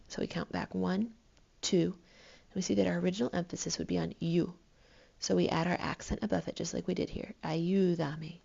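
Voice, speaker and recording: A woman's voice: lowish voice, gravelly, darkish tone, lo-fi sound. A woman teaching a recorded Spanish lesson to her students, patient and explanatory, counting syllables aloud.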